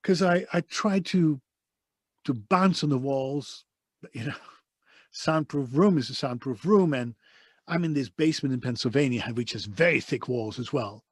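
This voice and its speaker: A man's voice: medium pitch, a little slow, slightly rough, no room sound. A man with a Dutch accent, a voice-over artist, telling his story with passion and emphasis in a soundproof home studio. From Netherlands. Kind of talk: conversational interview storytelling.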